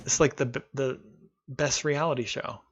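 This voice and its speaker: A man's voice: medium pitch, fairly even intonation, normal speed, highs cut off, faint music behind. A man hosting a live stream, reacting to a video with candid, sarcastic commentary and frequent laughs. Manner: candid, sarcastic, laughs often, mocking voices.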